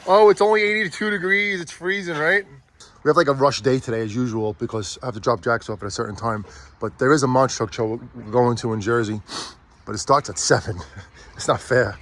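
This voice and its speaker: A man vlogging as a father while unboxing a prop with his kids, chatty and teasing, easily excited. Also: mid-range voice, a little fast. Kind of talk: casual chat.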